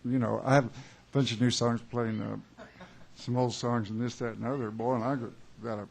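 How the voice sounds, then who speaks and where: A man, chatting between songs at a small club show, rambling and halting with many pauses and wry chuckles. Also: mid-range voice, level tone, creaky. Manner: wry, chuckling joke-teller. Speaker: singer-songwriter performing live. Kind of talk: onstage banter between songs. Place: small live music club.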